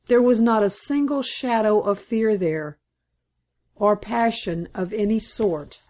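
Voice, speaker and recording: A woman narrating a novel aloud in the first person, reading slowly and deliberately. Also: medium pitch, a little mellow. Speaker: audiobook narrator.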